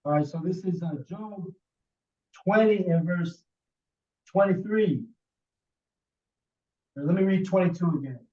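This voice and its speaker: A man reading scripture aloud slowly and deliberately, then adding brief remarks. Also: sits high. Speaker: scripture reader. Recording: echoey, distant, dull sound.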